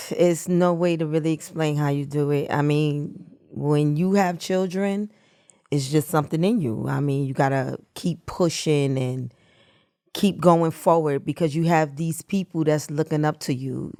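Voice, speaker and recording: Low-voiced mother recalling a hard night. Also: fairly even intonation, measured pace, warm tone, no room sound, clean studio sound. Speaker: guest, mother of the host. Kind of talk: emotional personal recollection.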